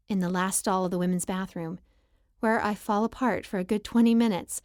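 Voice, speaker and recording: A woman's voice: mid-range voice, warm tone, no room sound. A woman reads a first-person romance audiobook with emotional expression. Her voice sits in a middle register. The recording is close and dry. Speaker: audiobook narrator.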